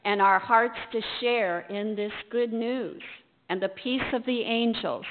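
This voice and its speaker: A woman pastor giving a storytelling sermon in a church sanctuary, unhurried, acting out her own hesitant, self-deprecating lines. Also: a little high, background noise. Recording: echoey church over a tinny line.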